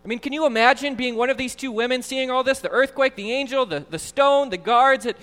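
Male pastor mid-sermon, earnest and lively, recorded in a reverberant hall. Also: very high voice, a little fast. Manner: earnest, animated preaching with frequent repeated words.

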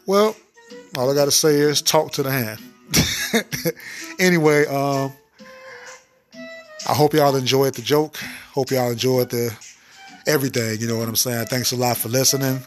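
A man's voice: mid-range voice, fairly even intonation, moderate pace, long pauses, soft background music. A man hosting a comedy podcast, telling a joke in a loose, rambling way and laughing at himself.

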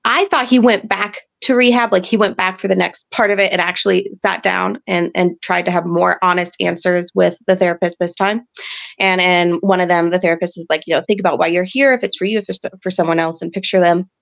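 A woman's voice: lowish voice, steady tone, a little fast, gravelly, dull audio. A woman hosting a podcast, recapping an episode in a chatty, rambling way full of fillers. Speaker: podcast host.

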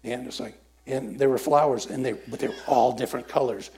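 Gravelly-voiced man preaching. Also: mid-range voice, brisk. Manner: animated, acts out voices, swings loud and soft. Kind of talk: sermon with storytelling.

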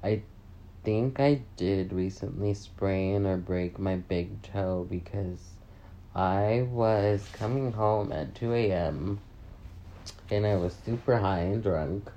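A young woman talks straight to her viewers in a loose, confessional vlog. She speaks slowly and rambles, swears freely and pokes fun at herself. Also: extremely low pitch, warm tone, muffled recording. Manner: rambling, swears often, self-mocking. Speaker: vlogger. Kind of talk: casual confessional vlog chat.

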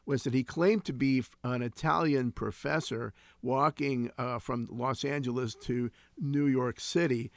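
Guest, male, 60s, mid-pitched with some gravel, earnest storyteller. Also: steady tone, a little slow, hardly any pauses, no room sound. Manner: earnest, reflective, with frequent restarts. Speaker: guest, founder of a homeless ministry. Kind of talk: conversational interview storytelling.

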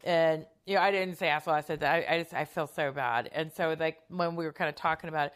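A woman's voice: deep voice, fast. A woman telling a story in casual podcast chat, rambling and self-conscious with many fillers and restarts.

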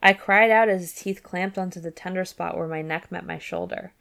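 A woman's voice: fairly low pitch, a little fast, vocal fry, fairly bright tone, clear, resonant tone. A woman hosting a book club podcast, chatting casually with giggly asides and reading passages aloud.

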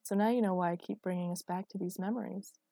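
A woman narrator voicing a worn-out, aging man who speaks gently and softly. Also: lowish voice, fairly even intonation, fast, gravelly, no echo. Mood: tender.

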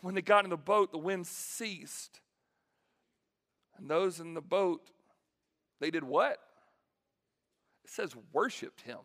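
An animated male preacher jokes with students as he acts out a passage. His fairly high voice carries a long reverb from a large hall. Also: takes it slowly, long pauses. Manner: animated and joking, acts out the scripture. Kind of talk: sermon.

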